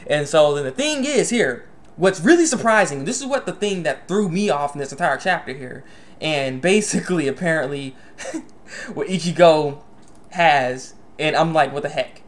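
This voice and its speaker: Excitable young man rambling a review. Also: on the high side, normal speed. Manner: excitable, stammering, many restarts. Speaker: manga reviewer. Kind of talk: casual spoken review.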